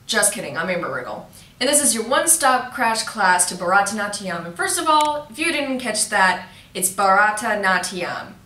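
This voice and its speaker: A woman presenting a jokey crash course, playful and teasing, with quick asides to her viewers. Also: a little high, very animated, sharp tone. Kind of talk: jokey educational explainer. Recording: roomy echo, mic at a distance.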